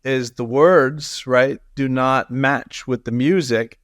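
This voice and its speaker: A man's voice: mid-range voice, slow, no room sound, studio quality. A man speaking as a guest expert in a podcast interview, explaining through personal stories and laughing easily.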